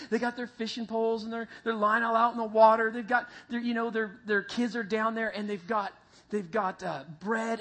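A man preaching to a group, telling a vivid, animated story that builds toward a Bible lesson. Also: high voice. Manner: animated storyteller, acts out voices and sounds. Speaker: youth pastor. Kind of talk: sermon with a told story. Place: meeting room with a live group.

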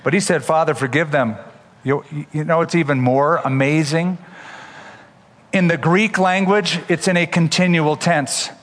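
A man's voice: on the high side, fairly even intonation, a little slow, fairly bright tone. Preaching man in a reverberant hall. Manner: expository preaching with humorous asides. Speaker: pastor. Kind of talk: sermon.

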